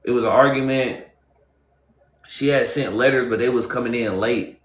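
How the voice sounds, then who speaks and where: A man's voice: mid-range voice, steady tone, normal speed. A young man streaming live, casually telling his viewers a personal story in loose, profane street slang and talking straight to them. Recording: roomy echo.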